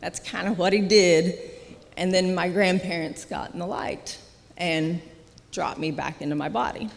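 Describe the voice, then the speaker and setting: Earnest church testimony, halting, long reverb. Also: mid-range voice, fairly even intonation, creaky. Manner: halting, earnest, with frequent restarts and soft laughs. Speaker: guest speaker sharing a testimony. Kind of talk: personal testimony at a church service. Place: church sanctuary.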